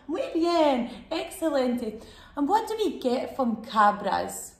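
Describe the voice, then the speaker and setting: A woman's voice: sits high, big pitch swings, takes it slowly, roomy sound. A woman telling a bilingual storybook lesson to young children, sing-song and exaggerated, prompting them to repeat words. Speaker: children's Spanish teacher and storyteller.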